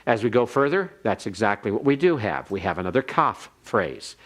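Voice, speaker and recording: An older man teaching a grammar class, explaining in a measured way and reading Hebrew phrases slowly for students to repeat. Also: on the low side, big pitch swings, fairly bright tone. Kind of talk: classroom lecture.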